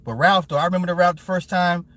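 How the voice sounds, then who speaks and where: Man, 40s, stream host: slightly high voice, blunt and profane, animated, laughs a lot. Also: fast. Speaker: live-stream host and movie reviewer. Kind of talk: casual live-stream chat with viewers.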